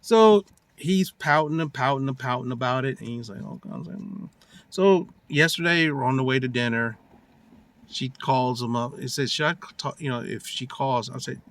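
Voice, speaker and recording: A man's voice: mid-range voice, moderate pace, a bit bright. A man ranting casually to his phone about a friend's relationship, telling the story with acted-out quotes and slang. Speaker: vlogger giving relationship advice. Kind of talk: casual rant to camera.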